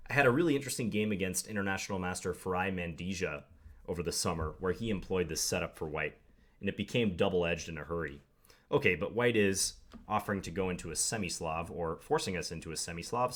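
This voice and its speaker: A man's voice: low voice, fairly bright tone. A young man commenting live on his own game, thinking aloud with wry, self-deprecating asides. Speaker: chess commentator.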